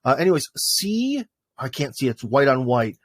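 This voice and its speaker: A man hosts a livestream in a loose, rambling way, leaning on fillers as he goes. His voice sits at a middle pitch. The sound is dry and close, with no room echo. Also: very animated, moderate pace. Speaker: livestream host. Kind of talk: casual chat. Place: in front of a green screen.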